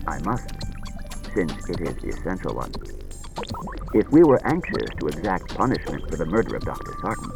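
A man doing a calm, cold robot. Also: deep voice, low-quality recording. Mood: explaining. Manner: even, patient and measured.

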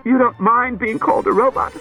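A man voicing a frightened, guilt-ridden wife who pleads through tears in a breathy, high voice. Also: fairly even intonation, fairly quick, pushed and bright, faint music behind, full character voice, low-quality recording. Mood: distraught.

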